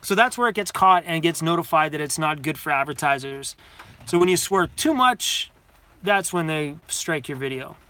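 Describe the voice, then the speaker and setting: A man's voice: fairly high pitch, lively intonation, moderate pace, pushed and bright. A middle-aged man, chatting casually on a live stream, telling rambling stories, laughing and swearing freely. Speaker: vlogger hosting a live Q&A. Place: inside a van. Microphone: phone camera.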